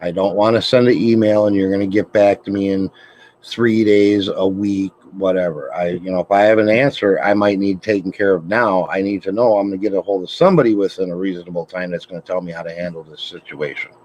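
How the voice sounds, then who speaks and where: A man's voice: sits low, steady tone, fairly quick, darkish tone, dry recording. A man chatting casually as a co-host, telling laid-back stories with a laugh. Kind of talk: casual chat. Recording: dull lo-fi sound.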